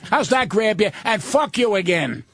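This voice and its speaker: An older man with a gravelly, husky voice, pitched a little high for his age, rants and curses his way through a radio interview. His delivery is combative and blunt. The recording is dry and close, with no room sound. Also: animated, normal speed, fairly bright tone, no room sound. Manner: profane, combative ranting. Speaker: comedian guest. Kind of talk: radio talk show banter.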